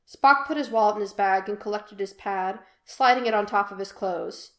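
A woman reading a fan fiction audiobook in an even, unhurried storytelling voice. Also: medium pitch. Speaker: podfic reader. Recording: echoey room.

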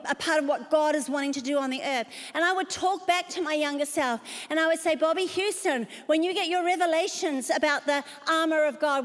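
A woman, preaching a sermon emphatically and calling out to the audience. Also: sits high. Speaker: pastor. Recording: long reverb of a large hall.

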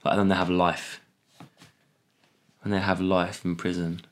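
Young male podcast co-host, lowish voice, casual, acts out other people in stories. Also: a little slow. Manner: animated storytelling, acts out other voices, laughs often. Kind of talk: casual chat.

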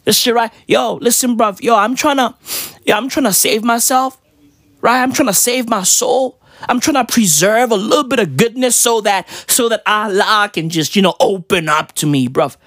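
A woman's voice: on the high side, normal speed, a bit bright, no room sound, clean studio sound. A woman doing a rambling, irreverent comic rant, exclaiming and tagging "right?" onto her lines. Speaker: comedian.

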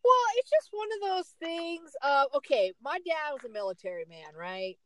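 A middle-aged woman telling a story in casual chat, emphatic and animated. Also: normal speed, no room sound, low-quality recording. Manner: animated, emphatic storyteller with big swings in pitch.

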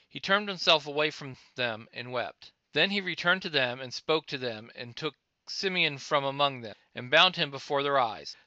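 Bright-voiced man reading scripture. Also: medium pitch, no echo. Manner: steady reading with occasional stumbles and restarts. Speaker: Bible reader. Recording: dull, dry lo-fi recording.

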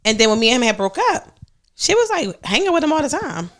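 A young adult woman hosting a podcast, telling a story in casual chat, animated and full of profanity. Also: a little high, fast. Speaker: podcast host.

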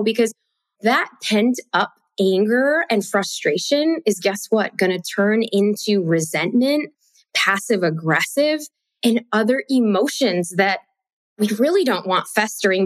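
A woman, a mother and author, telling a personal story as a guest in an expressive way, laughing now and then mid-sentence. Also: a little high, no echo.

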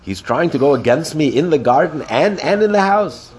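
A man's voice: a little high, moderate pace. A man teaching a daily Talmud page class, acting out the quoted speakers as he explains. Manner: animated, acts out the quoted speakers.

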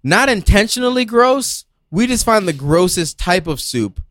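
A man's voice: high-pitched, sing-song, normal speed, a bit bright, no room sound, studio quality. A young man in casual chat as a podcast co-host, blunt and playfully complaining.

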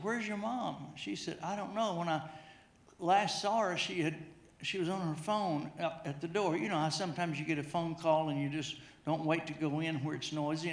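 A middle-aged male preacher tells a humorous story from the pulpit, circling back over his own words. His voice sits fairly high for a man. The sound echoes through a church sanctuary. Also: vocal fry. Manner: storytelling with humor, repeats himself. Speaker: pastor. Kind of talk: sermon.

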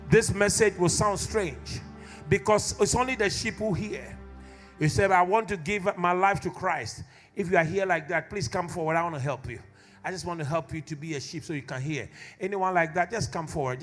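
A male pastor delivering an impassioned sermon in church, building to shouted exhortation. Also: a little high, fairly quick, faint music behind.

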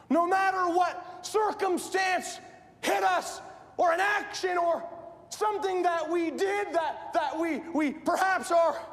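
Male pastor, animated shouting preacher, gravelly, long church reverb. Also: very high-pitched. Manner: animated, often shouting storyteller. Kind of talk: sermon. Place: church sanctuary. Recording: echoey church hall.

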